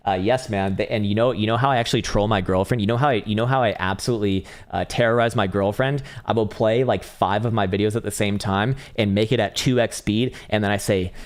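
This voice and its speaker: Male live-stream trader, lower-pitched, talking off the cuff: blunt, sweary, laughs often. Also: steady tone, quick pace, few pauses. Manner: blunt, profane, laughs between points. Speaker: livestream trading host. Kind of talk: casual live market commentary.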